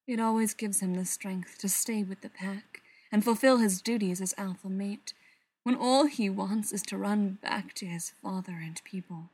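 A woman reading a story aloud in a soft voice that often drops into a whisper. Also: medium pitch, normal speed, slightly rough, dry recording. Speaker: story reader.

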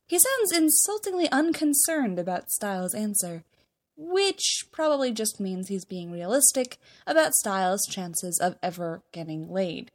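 A woman reading fan fiction aloud, narrating with wry, expressive emphasis. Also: mid-range voice, a little slow.

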